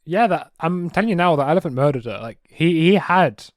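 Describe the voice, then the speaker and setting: A man's voice: a little high, animated, brisk, no echo, clean studio sound. A man co-hosting a podcast, making wry, emphatic jokes in casual chat. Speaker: podcast co-host.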